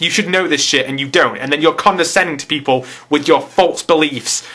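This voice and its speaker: A man's voice: fairly high pitch, lively intonation, brisk, hardly any pauses, pushed and bright. A man from England with an English accent, ranting bluntly to camera in a casual vlog and swearing freely. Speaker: vlogger.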